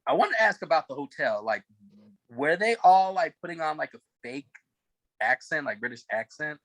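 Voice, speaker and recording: A man's voice: a little high, lively intonation, normal speed, fairly bright tone, low-quality recording. A man co-hosting a casual talk show about a TV series, speaking hesitantly with many fillers. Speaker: podcast co-host. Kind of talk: casual chat about a TV episode.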